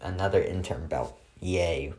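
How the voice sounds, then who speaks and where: A man with a very low voice talks through a wrestling show on his own. His recap is casual and dry, with sarcastic asides and plenty of filler words. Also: moderate pace, dark tone.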